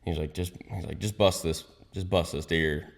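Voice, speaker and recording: Young guy, deep voice, animated podcast guest who cusses and whispers asides. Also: moderate pace, gravelly, big-room sound. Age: young adult. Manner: animated storyteller, swears freely, mutters asides in a whisper. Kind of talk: casual storytelling.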